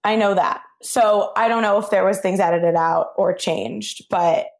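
A woman hosting a podcast in easygoing chat, her voice sitting at an ordinary middle pitch. She rambles, hedges and fills her sentences with "like" as she works through her thoughts. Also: a little slow. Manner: rambling, hedging, heavy use of "like". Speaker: podcast host. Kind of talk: casual chat.

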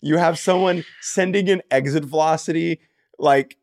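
A man's voice: a little high, moderate pace, darkish tone, dry recording. Joking male podcast co-host, dry sound. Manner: joking, reads listener comments aloud. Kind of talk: casual podcast chat.

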